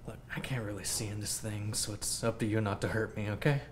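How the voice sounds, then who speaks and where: An actor playing a shy, tender man who speaks hesitantly and softly. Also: fairly low pitch, fairly even intonation, a little fast, a little hiss or hum, natural voice. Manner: hesitant, soft-spoken. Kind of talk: student film acting.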